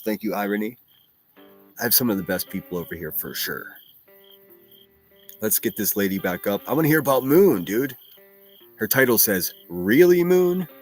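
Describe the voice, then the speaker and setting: A man from Pittsburgh with a Pittsburgh accent, hosting a livestream and chatting casually and profanely while reading out names from the chat. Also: fairly low pitch. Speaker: livestream host.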